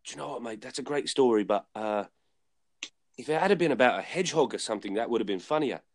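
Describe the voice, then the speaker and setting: A man's voice: medium pitch, animated, fast talker, close to an everyday voice. A man putting on a cheeky male radio host who fakes a producer in a Barnsley accent, with breezy mock-friendly patter. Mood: mischievous. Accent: put-on Barnsley.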